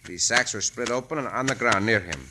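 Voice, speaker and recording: A man's voice: medium pitch, background noise, natural voice. Cisco Kid, a man playing a courtly Spanish-accented hero. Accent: Spanish-accented English. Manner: courtly, measured. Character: dashing Mexican caballero hero, calm and polite. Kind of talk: 1940s radio acting.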